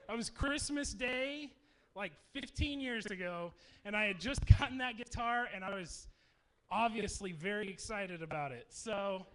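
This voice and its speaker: A man in his thirties from Texas, speaking to campers in a dark meeting hall, telling jokes and stories in a chatty way. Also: very high-pitched. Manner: joking, chatty storyteller. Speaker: youth camp speaker. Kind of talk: humorous youth talk to campers.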